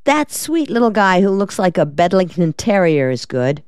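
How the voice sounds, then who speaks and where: A woman reading the part of a quick-witted, sassy young female secretary in an audiobook, with a wry drawl. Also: lowish voice, very animated, a little mellow, smooth, no echo, clean studio sound.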